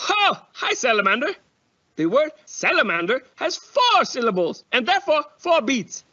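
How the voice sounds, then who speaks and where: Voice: sits high, very animated, normal speed, sharp tone, slightly rough. A teacher leading a children's phonics lesson, clapping out syllables in an exaggerated sing-song way. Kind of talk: cheerful children's lesson narration. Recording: dull lo-fi sound with faint noise.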